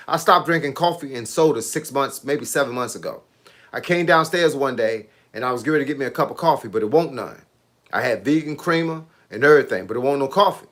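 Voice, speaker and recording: A man's voice: medium pitch, a bit bright. Laid-back man chatting on a live stream. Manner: laid-back, repeats "hey, look" and "bro", laughs often. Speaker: fitness coach on a live stream. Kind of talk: casual live-stream chat with viewers.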